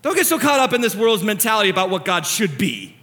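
A man preaching a sermon as pastor, passionate, swinging between hushed reflection and near-shouting. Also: high voice, sing-song, fast.

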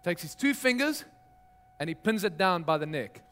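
A man's voice: high-pitched, big pitch swings, normal speed, fairly bright tone, a little hiss or hum. A middle-aged man, a pastor, preaching a sermon in a conversational, storytelling way with touches of humor.

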